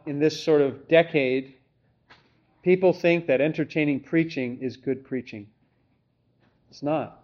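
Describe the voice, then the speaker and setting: A pastor gives an expository sermon in a high, bright voice, earnest and emphatic, frequently putting rhetorical questions to his listeners. The recording is a bit dull and lo-fi.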